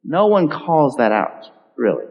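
A man's voice: a little high, unhurried, dull audio. A man preaching a sermon, telling a story and acting out the people in it. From California. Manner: animated storyteller acting out voices. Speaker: pastor. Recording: long hall reverb.

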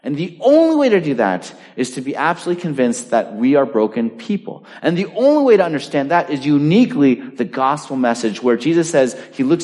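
A man's voice: on the high side, darkish tone. A middle-aged man preaching a sermon as pastor, emphatic and full of rhetorical questions. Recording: reverberant hall.

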